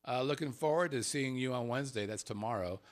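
A man co-hosting a casual podcast, reading out listener names with playful, animated banter that drops into murmured asides. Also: mid-range voice, quick pace. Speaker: co-host.

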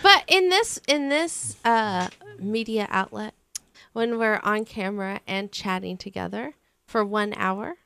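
A woman co-hosting a podcast, laughing and gently scolding in casual banter. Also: mid-range voice, measured pace, vocal fry, clean tone, no room sound. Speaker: podcast co-host.

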